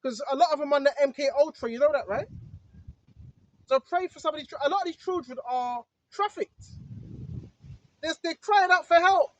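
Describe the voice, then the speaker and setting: Speaking at a normal speed with long pauses, a high-pitched online preacher delivers an informal, emphatic, repetitive sermon, checking in with the listener again and again. No room sound is present on this dull, lo-fi recording.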